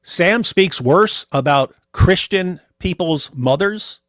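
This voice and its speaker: A man's voice: high voice, animated, slow pace, fairly bright tone, no room sound, studio quality. A man hosting a livestream, talking in casual commentary, emphatic and repeating words as he keeps addressing his audience. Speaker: livestream host.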